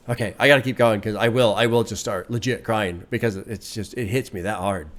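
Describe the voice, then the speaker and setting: A man's voice: fairly low pitch, fairly even intonation, moderate pace, fairly bright tone. Earnest man riffing on a song. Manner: earnest, rambling, swears freely. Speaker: music reaction host. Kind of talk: casual reaction commentary.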